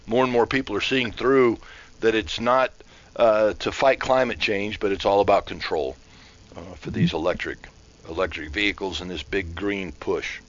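A man hosting a call-in radio show, talking in a hesitant way full of fillers. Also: lowish voice. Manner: hesitant, filler-heavy, slow. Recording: dull lo-fi broadcast audio.

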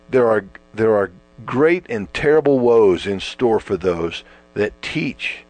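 Preacher, male, animated pitch, stretches words for emphasis, mains hum in the background. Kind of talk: sermon.

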